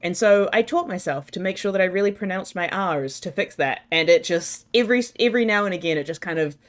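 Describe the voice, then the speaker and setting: A woman's voice: on the low side, quick pace. A young woman from New Zealand with a New Zealand accent that slips toward American R's, chatting and giggling with her chat as she streams a game. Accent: New Zealand, with some American-sounding R's.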